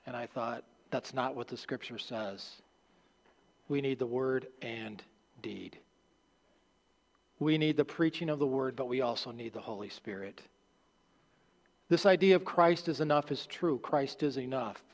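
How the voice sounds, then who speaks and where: A male pastor preaching a sermon, earnest and halting, restarting phrases and dropping low at the ends of lines. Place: church sanctuary. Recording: long hall reverb.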